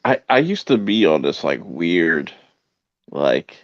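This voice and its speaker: A man's voice: low voice, sing-song, takes it slowly, dry recording, muffled recording. A man co-hosting a casual live-stream chat, laid-back and throwing in joking asides. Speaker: podcast co-host.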